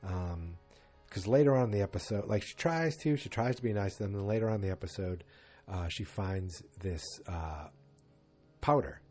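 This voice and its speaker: A low-voiced man with a husky edge gives a rambling, casual episode recap, tossing in wry asides. His tone is mellow and dark, and soft music plays faintly behind him. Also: moderate pace.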